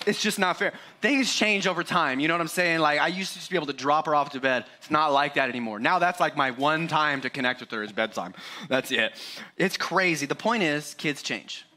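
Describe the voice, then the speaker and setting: A man's voice: on the high side, fairly quick, bright, forceful tone, a little hiss or hum. A man in his forties preaching a sermon at church, chatty and joking, acting out scenes from family life. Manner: jokey and conversational, acts out his kids in a raised voice. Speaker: pastor.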